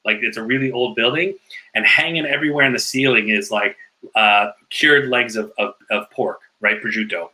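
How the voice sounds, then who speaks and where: A man telling stories in a casual podcast interview, in an animated way with lots of filler likes. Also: medium pitch, normal speed, low-quality recording. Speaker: guest.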